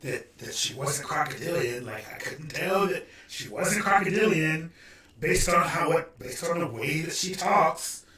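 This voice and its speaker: A man voicing a fussy, passive-aggressive mother in a tabletop game, talking in halting, stammering bursts. He sounds roomy and distant from the mic. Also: a little high, animated, bright, forceful tone. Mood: defensive. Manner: stammering, guilt-tripping.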